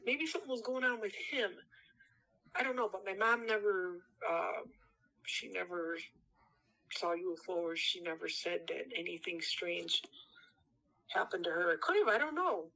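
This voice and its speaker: Bright, animated woman telling a story. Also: medium pitch, poor audio. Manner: halting and animated, with many restarts. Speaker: interview guest. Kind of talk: casual storytelling in an interview.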